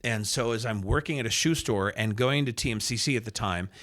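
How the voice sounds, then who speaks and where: A man in his fifties from Reno, Nevada, a radio host and sports announcer telling stories as a podcast guest, animated and acting out the people he describes, with plenty of fillers. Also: on the low side, a little fast. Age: 50s. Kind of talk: casual storytelling interview.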